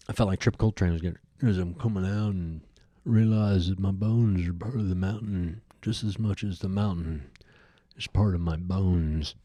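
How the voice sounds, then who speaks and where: A man's voice: low-pitched, fairly even intonation, normal speed, warm tone, no room sound. A man hosting his own podcast, telling a personal story in a reflective, musing way with many fillers and restarts. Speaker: podcast host. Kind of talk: reflective solo monologue.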